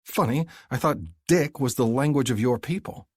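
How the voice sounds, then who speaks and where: A male narrator voicing an angry, sarcastic young human woman in an audiobook, shouting and sneering. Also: mid-range voice, moderate pace, slightly rough, no echo, clean studio sound, voice pushed up, lightly acted. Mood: furious, sarcastic. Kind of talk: audiobook character voice.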